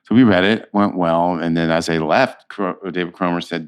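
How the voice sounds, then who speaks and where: A man in his fifties with a deep, resonant voice talks as an actor guest on an interview show. He spins his anecdotes with animation and often stops mid-phrase to correct himself. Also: clean tone. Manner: animated anecdote-teller, quick self-corrections. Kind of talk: casual interview storytelling.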